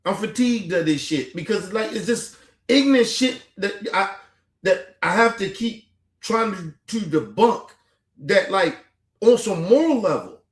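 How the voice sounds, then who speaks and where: A man rants through exasperated, profane reaction commentary on his stream. His voice sits somewhat high for a man. The room around him rings with echo. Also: animated, unhurried, fairly bright tone. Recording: echoey room.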